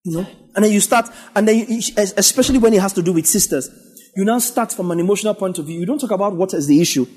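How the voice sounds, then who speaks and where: A man's voice: sits high, fast, a little mellow, husky. A man, preaching a sermon as pastor, repeating his points and checking in with the congregation. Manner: emphatic, repetitive exhortation with frequent "yeah?" to the congregation.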